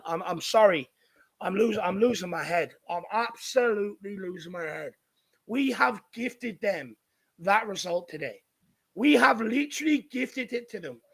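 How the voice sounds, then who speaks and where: A man's voice: high voice, fairly bright tone. An Irish man hosting a live football watchalong, ranting furiously and swearing at his team's defending. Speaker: fan channel host. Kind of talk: live match watchalong commentary.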